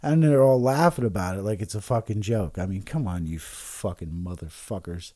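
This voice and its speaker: A man talks alone into a podcast mic, rambling and swearing freely, stumbling over restarts and fillers. He is drinking shots of liquor as he goes. His voice is dark and mellow, and the recording sounds dry and close. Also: on the low side, normal speed, no echo. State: drinking shots while talking. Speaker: podcast host. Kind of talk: casual rambling monologue.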